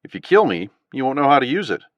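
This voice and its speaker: A man's voice: medium pitch, sing-song, fast talker, no room sound, highs cut off, pitched above the performer's own voice, natural voice. A man voicing a tense male doctor who talks earnestly to armed bandits. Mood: urgent. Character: tense male doctor bluffing under threat.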